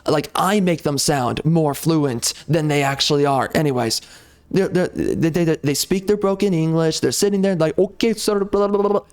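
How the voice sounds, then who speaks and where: A man's voice: fairly high pitch, moderate pace, darkish tone. A man ranting sarcastically and repetitively while commenting over gameplay. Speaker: gaming video host.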